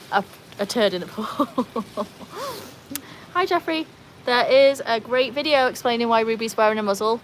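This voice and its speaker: A woman from Wales chatting casually with livestream viewers outdoors by a pool, breaking off to scold and cheer her dogs in a high sing-song voice. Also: slight background noise. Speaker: livestream host.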